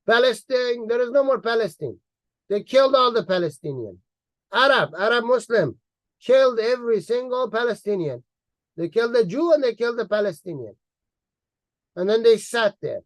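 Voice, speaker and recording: A man's voice: very high-pitched, expressive, moderate pace, no room sound. A man delivering a heated, mocking monologue as an online commentator, repeating words for emphasis. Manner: angry, mocking, insulting.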